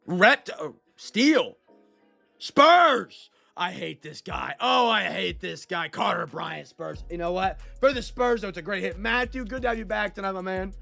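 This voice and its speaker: A man's voice: on the high side, fairly bright tone. A man hosting a live-streamed trading card break, chatting casually with viewers and reading out player names as he goes.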